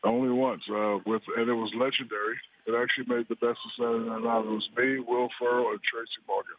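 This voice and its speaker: A man in his forties calling in to a talk show, chatting in a relaxed, joking way. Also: medium pitch, quick pace. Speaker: guest. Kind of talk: phone interview. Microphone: phone line. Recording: tinny phone line.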